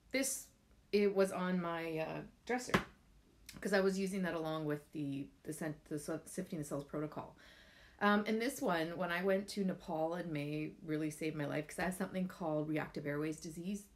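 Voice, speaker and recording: A woman, chatting casually and heartfelt in a rambling way with lots of fillers. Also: low voice. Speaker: vlogger sharing essential oil tips. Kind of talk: casual chat to camera.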